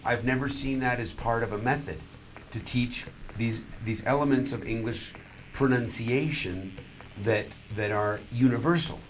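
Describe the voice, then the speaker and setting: A man who grew up in Alaska, a guest English teacher explaining pronunciation in an earnest, steady way. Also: medium pitch, a little slow, a little hiss or hum. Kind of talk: casual interview.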